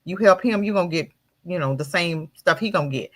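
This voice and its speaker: A woman's voice: on the low side, a little fast. A woman guest on a talk show, speaking with fiery, preaching energy and firing off rhetorical questions. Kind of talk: impassioned commentary.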